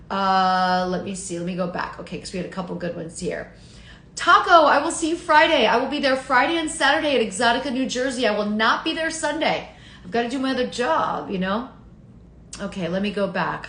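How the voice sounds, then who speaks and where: A woman's voice: medium pitch, a bit bright, echoey room. A woman hosting a casual live stream on her phone, chatting and answering viewers' comments by name. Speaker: livestream host reading chat.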